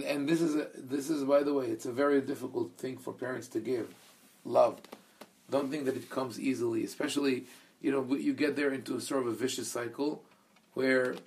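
A man's voice: medium pitch, a little mellow. A man teaching a Bible discussion in an earnest, thoughtful way, telling anecdotes and quoting Hebrew. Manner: reads a Hebrew verse aloud. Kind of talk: conversational teaching.

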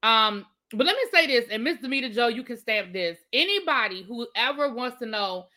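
Livestream host: a woman with a DC accent, bright and chatty, riffing with her viewers. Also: on the high side, expressive. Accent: Washington DC. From Washington DC area. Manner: chatty, drawn-out asides, answers the chat. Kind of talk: casual livestream chat reading viewer comments.

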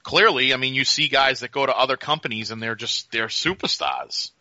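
Animated man on a dull lo-fi mic. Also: mid-range voice, no room sound. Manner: animated, breaks into quick impressions. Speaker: podcast co-host. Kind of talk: casual chat. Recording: dull lo-fi sound.

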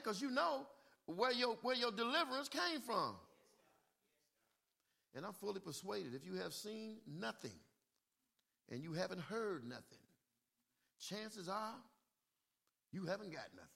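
A male preacher in full sermon, asking the congregation for amens as he goes. His voice sits high and swoops widely, dropping low and soft, then bursting out in shouts. The tone is bright and sharp with a gravelly edge. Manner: call-and-response, bursts from quiet talk into shouting.

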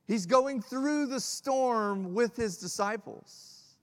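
A male pastor preaching a sermon, swinging from loud emphatic peaks to hushed, low lines. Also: slow pace. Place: church hall. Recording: long hall reverb.

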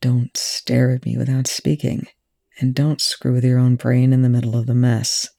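A reader voicing a weary military commander who speaks in a low, steady, clipped way. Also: moderate pace, gravelly, no room sound, clean studio sound.

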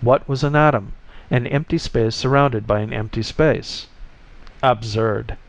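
Slow gravelly male narrator. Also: medium pitch, steady tone. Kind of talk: audiobook story reading. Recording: slightly muffled lo-fi recording.

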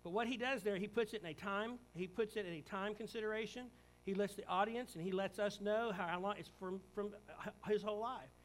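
A man preaching a sermon as pastor, swinging from quiet reflection to emphatic, rising declarations and acted-out quotes. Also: high voice, a little fast, slight background noise, low-quality recording.

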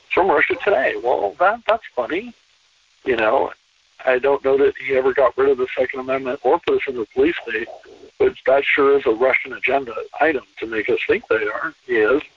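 A man talking as a podcast guest in a relaxed conversational interview, emphatic and repeating phrases to drive points home. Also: mid-range voice, brisk, breathy edge, dry recording. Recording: distant, tinny phone-line sound.

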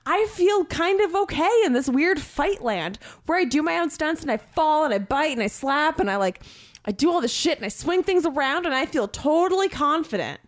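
A woman in her twenties, an actor, chatting casually with lots of swearing and big swings of pitch when she gets excited. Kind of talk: casual chat.

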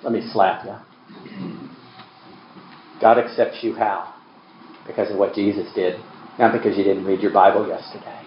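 A man preaching a sermon as pastor, emphatic, swinging from quiet asides to loud peaks. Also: on the low side, steady tone, brisk, echoey room, highs cut off, slight background noise.

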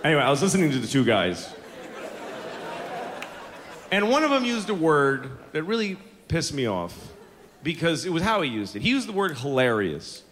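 A man's voice: a little high, very animated, normal speed, pauses often, fairly bright tone, a faint crowd, slight background noise. A man doing a stand-up routine, ranting and mocking with plenty of profanity, live before an audience. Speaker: stand-up comedian. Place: comedy stage before an audience. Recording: live show hall, audience laughter.

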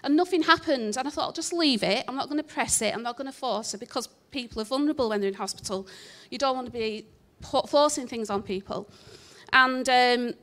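A woman's voice: fairly high pitch, a little fast, fairly bright tone. A woman telling a church congregation a personal testimony, chatty and self-deprecating with many ums. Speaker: church member sharing a testimony.

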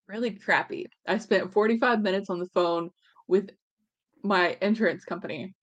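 Blunt, animated female co-host. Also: medium pitch, moderate pace. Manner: animated storyteller, blunt and swears. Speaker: podcast co-host. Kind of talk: casual podcast chat.

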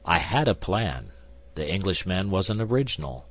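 A man reading as a cool, sardonic musketeer in an audiobook, low and husky. He drawls calmly and wryly, unbothered by bad news. A storybook gambler. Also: normal speed, heavily acted. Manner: calm, drawling and wry. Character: coolly indifferent older male musketeer, wry gambler.

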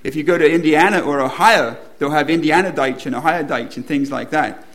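A man's voice: fairly high pitch, fairly quick, a bit bright. A man preaching a sermon to a room, asking the congregation questions and building to emphatic repetition.

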